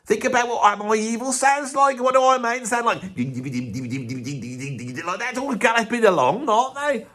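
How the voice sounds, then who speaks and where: A man's voice: very high-pitched, fairly quick, few pauses, a bit bright. A man playing a blunt, grumpy middle-aged rock fan with a Birmingham accent, rambling and swearing in a comic rant. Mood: grumbling. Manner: rambling, swears often, scoffing. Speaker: comedy character host.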